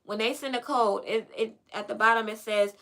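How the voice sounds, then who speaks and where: A woman's voice: on the high side, fairly even intonation, moderate pace, pushed and bright. A woman hosting a podcast from her own room, telling a story casually to listeners and acting out both sides of phone calls with lots of animation. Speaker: podcast host.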